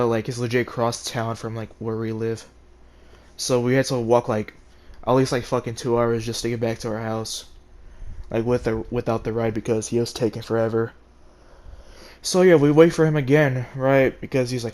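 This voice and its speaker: A man's voice: medium pitch, a little mellow. A teenage boy recounting a story-time tale for his channel. He rambles along with constant fillers and plenty of swearing, in a casual vlog manner. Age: teens. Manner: rambling, profane, full of likes and rights. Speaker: vlogger telling a story.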